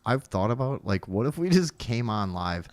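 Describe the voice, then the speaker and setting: A man's voice: fairly low pitch, sing-song, normal speed, a little mellow. A young man co-hosting a casual podcast, joking around, laughing often and swearing. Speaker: co-host.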